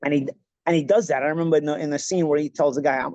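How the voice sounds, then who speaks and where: A man with a New York accent, hosting a casual podcast chat, talking quickly with lots of restarts and "you know"s. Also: on the high side, no room sound, dull audio. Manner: rapid, animated, full of restarts and "you know". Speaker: podcast host.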